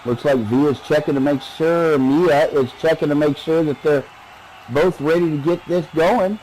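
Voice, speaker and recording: A man doing play-by-play wrestling commentary, excitable and joking, his voice climbing during the action. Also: a little high, measured pace, a little hiss or hum, poor audio.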